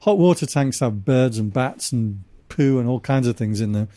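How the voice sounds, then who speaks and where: Mellow-voiced man from England. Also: medium pitch, normal speed, no echo. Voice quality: dry humor, animated anecdotes with laughs. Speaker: podcast guest, ordained monk. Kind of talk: casual storytelling conversation.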